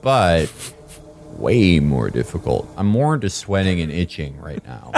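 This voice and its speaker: A man playing in a tabletop game, joking in a deadpan way. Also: sits low, measured pace, creaky, a little hiss or hum. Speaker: player.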